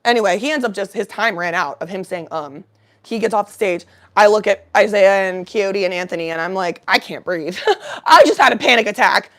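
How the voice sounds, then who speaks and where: A woman's voice: mid-range voice, brisk, a bit bright. A young woman vlogger telling a story in casual chat, chatty and profane, greeting viewers by name.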